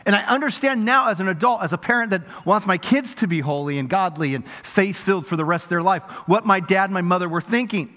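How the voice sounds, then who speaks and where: A middle-aged male pastor preaching a sermon, swinging from lively emphasis to hushed intensity. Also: high voice, fast, hardly any pauses. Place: large church hall. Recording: reverberant church hall.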